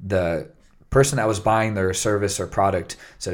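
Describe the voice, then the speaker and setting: A man with a fairly low voice chats casually as a co-host. He tells stories with enthusiasm and lots of everyday filler words. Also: normal speed. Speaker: podcast co-host. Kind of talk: casual chat.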